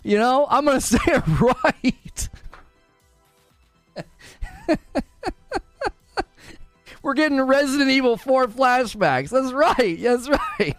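A man hosts a casual gaming stream, reading out chat messages and laughing often. His voice sits high and swings widely in pitch. The sound is dry and close, with faint music playing underneath. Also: dry recording. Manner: animated, laughs often, reads chat aloud. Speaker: livestream host.

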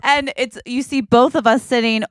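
A woman co-hosting a comedy podcast, telling stories with animated enthusiasm. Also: on the high side, moderate pace, heavy background noise. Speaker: podcast co-host. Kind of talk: casual comedy podcast banter.

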